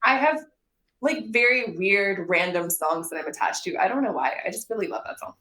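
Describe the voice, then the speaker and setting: A woman's voice: medium pitch, brisk. Woman guest on a podcast, laughs a lot, emphatic, kinda echoey room. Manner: laughing often, expressive and emphatic. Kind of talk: casual chat. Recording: roomy echo.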